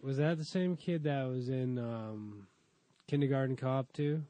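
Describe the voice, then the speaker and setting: A man's voice: mid-range voice, a little slow, warm tone, no echo. A man co-hosting a podcast and chatting casually, joking around in playful banter. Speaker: podcast co-host. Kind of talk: casual chat.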